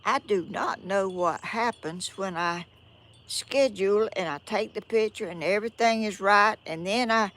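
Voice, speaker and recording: A woman's voice: medium pitch, unhurried, fairly bright tone. An older woman from Georgia with a Southern accent, chatting in a rambling, apologetic way to viewers of her live stream outdoors on a breezy morning, talking into a phone or tablet on a tripod. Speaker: vlog host. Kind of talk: casual live-stream chat.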